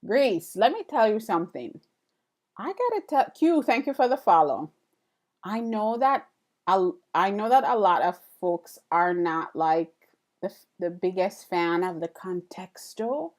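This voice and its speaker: A woman's voice: mid-range voice, lively intonation, measured pace. Woman live-streamer, casual and rambling, thanking her chat between drawing steps. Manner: chatty, thanks viewers, many fillers and restarts.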